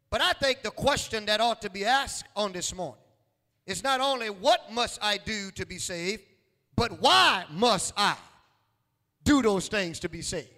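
A man with a very high, bright, ringing voice preaches a sermon in a style. He repeats his lines, throws questions at the congregation and swells into shouts. The sound carries a long echo from the hall. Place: church sanctuary.

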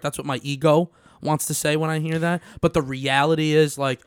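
A young man with a New York accent hosting a podcast in animated, casual chat. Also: on the high side, normal speed, smooth, dry recording, studio quality. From Long Island, New York. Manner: animated, chatty, trails off and restarts. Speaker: podcast host.

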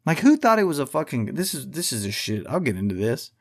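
A man holds forth on his own podcast, swearing freely and pushing back hard in a heated, combative rant. His voice sits at an ordinary middle pitch. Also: very animated, fast talker. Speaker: podcast host. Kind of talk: ranting podcast monologue.

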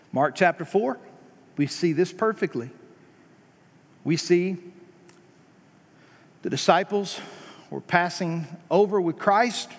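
A man with a fairly high voice delivers a sermon in a church, his words trailing off into a long hall reverb. He moves from easy conversational asides and rhetorical questions to emphatic, climbing peaks, then sinks low for quiet points. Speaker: preacher.

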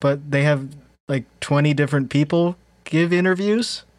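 A man's voice: on the high side, normal speed, no room sound. Skeptical man asking questions, dry sound. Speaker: podcast co-host. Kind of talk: casual film-review chat.

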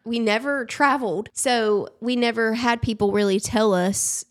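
A woman's voice: fairly high pitch, unhurried. A woman from Alabama with a Southern accent, telling stories in a casual interview. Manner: expressive, animated storytelling with laughs. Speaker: guest.

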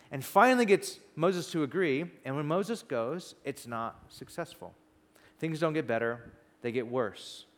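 Animated preacher in a reverberant hall. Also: male voice, medium pitch, moderate pace. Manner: conversational, animated storytelling. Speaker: pastor. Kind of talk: sermon.

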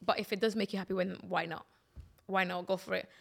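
A woman's voice: mid-range voice, steady tone, fast, gravelly. A woman co-hosting a casual podcast chat, blunt and full of fillers. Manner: blunt, uses lots of fillers. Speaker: podcast co-host.

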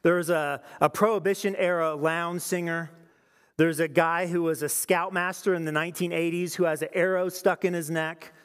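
A man's voice: on the high side, clear, resonant tone, long reverb tail. A man giving a sermon as pastor, talking to the congregation in a conversational, storytelling way.

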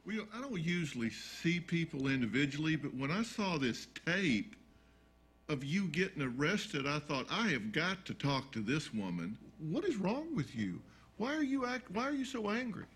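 A man's voice: on the high side, sing-song, moderate pace, fairly bright tone, slightly rough, heavily acted. An actor playing an exasperated male therapist who keeps asking questions in a film comedy scene. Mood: probing. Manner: patient at first, growing exasperated, pleading questions.

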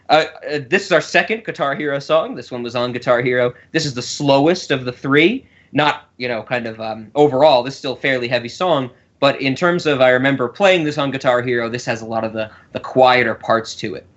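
A man's voice: mid-range voice, brisk, fairly bright tone, highs cut off. A man co-hosting a casual podcast, rambling and laughing often as he talks. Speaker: podcast co-host.

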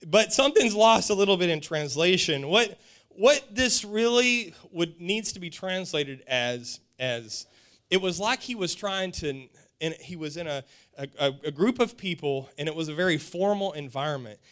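Animated high-voiced male preacher. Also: moderate pace. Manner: animated storytelling, repeats words. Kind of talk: sermon.

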